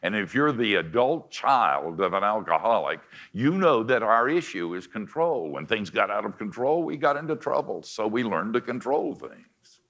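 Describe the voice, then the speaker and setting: An older man with a deep voice preaching a confessional sermon, swinging between forceful lines and hushed ones. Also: big pitch swings, normal speed.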